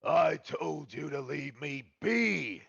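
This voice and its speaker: A man voicing a huge, bookish male ogre who speaks slowly and forcefully with a raised voice, in a tabletop game. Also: a little high, expressive, creaky, breathy edge, dull audio, voice pushed up, heavily acted. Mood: stern warning.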